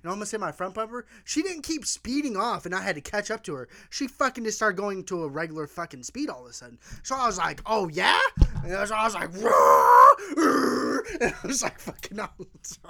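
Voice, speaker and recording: A young man telling a profane, animated road-rage story in casual podcast chat. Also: high-pitched, fairly quick. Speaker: podcast co-host. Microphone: desk mic, tilted.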